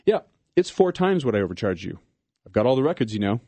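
A man's voice: mid-range voice, very animated, quick pace, mellow, dry recording. Zacchaeus, a man playing an eager, repentant tax collector. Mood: earnest. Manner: earnest, eager and apologetic. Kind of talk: dramatic reading.

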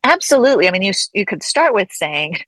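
A woman guest, an author and counselor, talking in an earnest, reflective way in an interview and slowing down to stress key phrases. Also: mid-range voice, sing-song, fairly bright tone, dry recording, rough recording. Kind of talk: conversational interview.

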